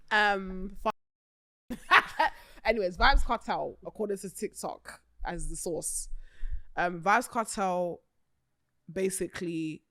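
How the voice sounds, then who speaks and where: A woman hosting a podcast, talking in a chatty, animated way, laughing often and swearing freely. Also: medium pitch, extremely slow, pauses often, dry recording, studio quality. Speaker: podcast host. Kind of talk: casual chat.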